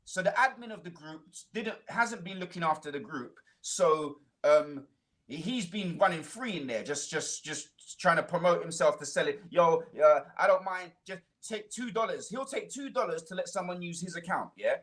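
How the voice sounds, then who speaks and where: A man ranting heatedly on a livestream, talking fast with stumbling restarts and mocking impressions of others. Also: a little high, animated, a bit bright. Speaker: guest on a livestream.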